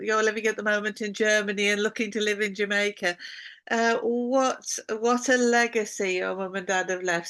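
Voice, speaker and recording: A woman's voice: mid-range voice, fairly bright tone, clear, resonant tone. A woman hosting an online talk over a video call, effusive in praise, with many fillers. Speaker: host.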